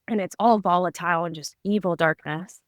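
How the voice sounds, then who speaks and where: A woman's voice: on the low side, brisk, dry recording. Woman telling a personal story, dry sound. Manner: candid, vivid retelling with frequent "like" fillers. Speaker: guest, psychic medium and artist. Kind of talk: personal storytelling in a podcast interview.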